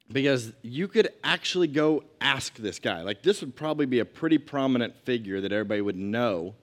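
A medium-pitched man leads a group Bible lesson in a conversational style. He reads scripture aloud and mixes in asides and questions.

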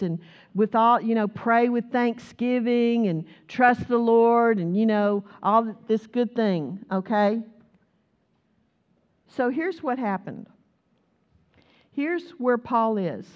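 A woman preacher, giving a sermon full of animated stories, laughter and exclamations. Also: a little high, highs cut off.

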